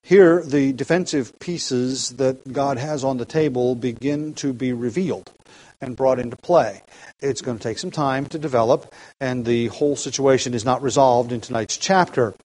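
A man leading an evening Bible study as pastor, teaching in a measured, reflective way with frequent restarts and fillers. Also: mid-range voice, a little mellow.

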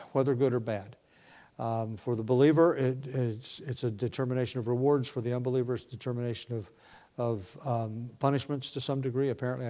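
A male pastor teaching through a scripture passage in a mid-range voice. He reads the verses with rising force, then eases into conversational explanation full of ums, restarts and small chuckles. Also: mid-range voice. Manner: reads scripture with rising emphasis, asides with light laughs. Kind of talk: expository sermon.

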